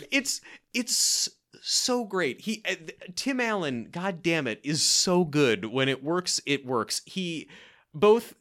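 A man chatting casually as a podcast co-host, recapping a sitcom with animated acting-out of lines and frequent restarts. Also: takes it slowly. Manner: animated, acts out quoted lines with big pitch jumps; frequent restarts and repeated words.

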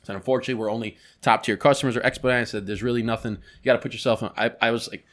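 Fast-talking man telling a work story. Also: mid-range voice. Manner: fast, animated, acts out quoted people, swears a lot. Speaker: podcast co-host. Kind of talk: casual storytelling chat.

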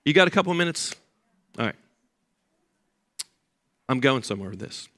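An older man preaching a sermon as pastor, an animated storyteller who acts out the voices of people in his stories. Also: medium pitch, normal speed.

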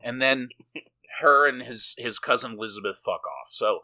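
A man's voice: medium pitch, normal speed, bright, forceful tone. A man co-hosting a podcast, recapping a film in a rambling, jokey way, swearing and laughing often. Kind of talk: casual movie-recap chat.

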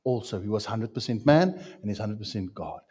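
A man's voice: on the low side, expressive, moderate pace, warm tone, slightly rough. A man preaching a sermon in an emphatic way, repeating phrases and asking his listeners questions.

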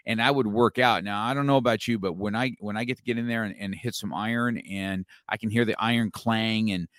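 A man's voice: fairly low pitch, steady tone, a little fast, fairly bright tone, no room sound, clean studio sound. A middle-aged man hosting an interview, talking in a rambling way with many fillers and restarts. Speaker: podcast host. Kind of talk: casual interview chat.

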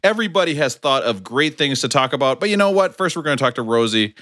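Guy hosting a podcast, jokey teasing, lively ups and downs in his voice. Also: mid-range voice, fast talker, no room sound, studio quality. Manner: teasing, jokey, deadpan explanations. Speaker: podcast host. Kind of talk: casual comedic chat.

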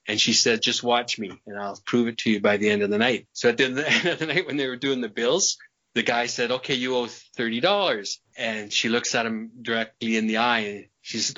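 A man's voice: mid-range voice, bright, forceful tone. A man being interviewed, telling a long personal story in a casual, rambling way, repeating words and laughing between sentences. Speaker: interview guest. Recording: slightly muffled lo-fi audio.

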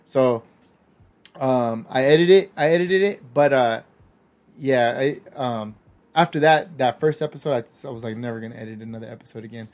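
Young male podcast host, casual and laid-back, ordinary middle-pitched voice, rambling storyteller. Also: moderate pace, darkish tone. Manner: laid-back storytelling with frequent fillers and slang.

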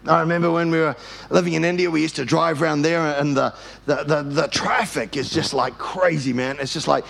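A man's voice: a little high, fairly even intonation, brisk, creaky, a bit bright. A male pastor preaching a sermon at a church service, telling stories with animation and leading the congregation in call-and-response.

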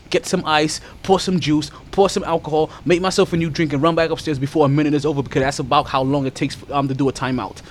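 A man hosting a casual sports podcast, slightly out of breath, talking loosely and animatedly with lots of shout-outs. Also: on the high side, slight background noise. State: a little out of breath. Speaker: podcast host.

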